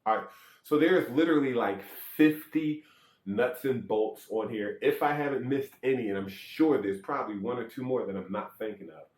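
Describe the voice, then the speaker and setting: A man's voice: medium pitch, normal speed, a little mellow, echoey room. A man giving a casual, rambling how-to on checking an electric skateboard, counting threads and bolts aloud, correcting himself and joking as he goes.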